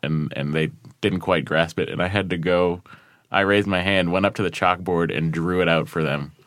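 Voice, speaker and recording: Male co-host, lowish voice, eager chatty storyteller, dry sound. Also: fairly even intonation, normal speed, fairly bright tone, no echo. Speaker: podcast co-host. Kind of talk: casual comedic chat.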